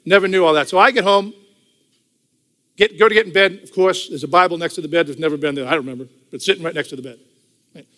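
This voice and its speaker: A man's voice: a little high, fast, pauses often, sharp tone. An older man giving a church testimony in a conversational storytelling way, repeating phrases for emphasis. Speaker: testimony speaker. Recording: hall with long reverb.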